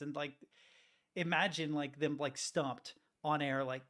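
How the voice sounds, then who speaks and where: A man's voice: fairly high pitch, steady tone, normal speed, fairly bright tone. A man chatting casually with his live-stream chat, joking, laughing often and rambling through self-interruptions. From United States.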